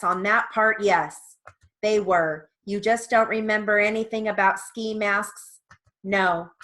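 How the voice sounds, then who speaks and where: A woman's voice: medium pitch, fairly bright tone. A woman reading a court transcript aloud as dictation practice, voicing every part evenly in her own voice with brief casual asides.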